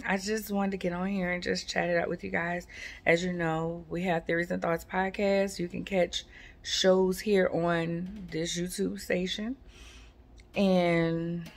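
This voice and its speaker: A woman, chatting casually to her viewers in a rambling, relaxed way with lots of fillers. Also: on the low side, vocal fry. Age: 40s. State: sleepy, yawning. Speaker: vlogger. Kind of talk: casual chat to camera.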